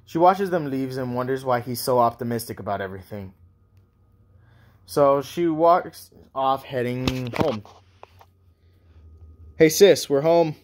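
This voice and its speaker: Halting young man telling a fan story. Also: medium pitch, animated, a little hiss or hum. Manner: halting, many ums and restarts. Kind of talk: improvised fan story narration.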